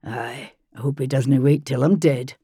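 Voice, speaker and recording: Woman doing a tired scottish guy in an audiobook, low gruff voice, dry and blunt, warm dark tone. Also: steady tone, unhurried, no echo, heavily acted. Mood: dry weary. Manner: dry, matter-of-fact. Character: weary wounded Scottish man, dry humored. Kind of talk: audiobook narration.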